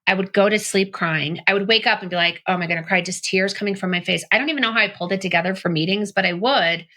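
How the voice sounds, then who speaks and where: A woman's voice: mid-range voice, fast, bright, forceful tone. A woman podcast host talking in a rambling, reflective way with many fillers. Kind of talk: casual conversation.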